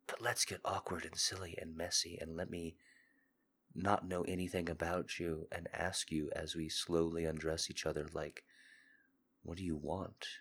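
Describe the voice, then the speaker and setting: This man hosts a podcast, speaking at a moderate pace in a low voice with flat delivery that's hoarse from sickness. His monologue is intimate and confessional, earnest and seductive, veering from loud urging to soft murmuring.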